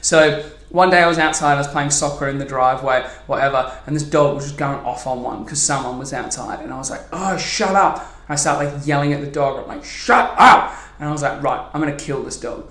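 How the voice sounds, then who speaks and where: A man's voice: mid-range voice, steady tone, fast, few pauses, a bit bright. A young man born in New Zealand and raised in Australia, telling a story in casual podcast chat. He swears freely, laughs through it and acts out the other people in it. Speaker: podcast host. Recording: echoey room.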